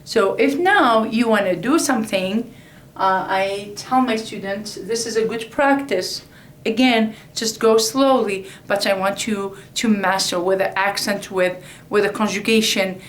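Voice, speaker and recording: Woman teacher talking slow, repeats stuff a lot, roomy echo and a bit of hum behind. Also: mid-range voice, far from the mic. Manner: slow, repeats each word several times. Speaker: Arabic teacher. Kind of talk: slow classroom explanation at a board. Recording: echoey room, voice from off-mic.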